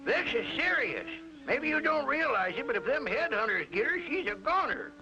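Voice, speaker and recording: An actor playing a folksy old male swamp hermit with a creaky, twangy drawl, in a 1950s cartoon. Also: very high-pitched, sing-song, moderate pace, dull audio, over music. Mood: serious.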